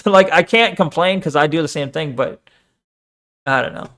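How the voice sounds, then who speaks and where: A man's voice: a little high, moderate pace, pauses often, fairly bright tone. A man streaming and chatting casually, reading chat, swearing often and rambling between topics.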